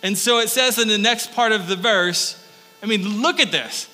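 A man preaching a sermon in an animated storytelling way, with chuckling asides. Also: high voice, normal speed, big-room sound, low-quality recording.

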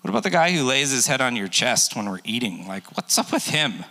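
A man's voice: medium pitch, very animated, a little fast, gravelly, pushed and bright, heavily acted. A man in his forties voicing an awkward, evasive fisherman disciple during a sermon. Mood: needling. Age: 40s. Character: hesitant, awkward grown male fisherman disciple. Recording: long echo of a large hall.

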